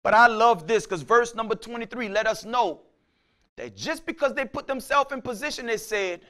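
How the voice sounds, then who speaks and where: A man preaching a sermon as pastor, casual in speech, acting out his listeners' voices and swinging from quiet talk to shouts. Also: very high-pitched, moderate pace.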